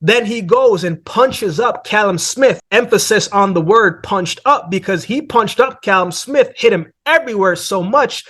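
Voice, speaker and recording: A man's voice: high voice, animated, moderate pace, few pauses, a bit bright. A man hosting a casual boxing breakdown, talking conversationally and often tossing in "man" and "right?". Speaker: boxing analyst host.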